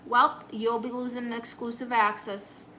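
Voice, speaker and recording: A woman's voice: a little high, little pitch movement, measured pace, pushed and bright, a little hiss or hum, poor audio. A woman comedian hosting a casual live stream, reading viewer comments in a sassy, teasing, chatty way. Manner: breaks into exaggerated put-on quote voices.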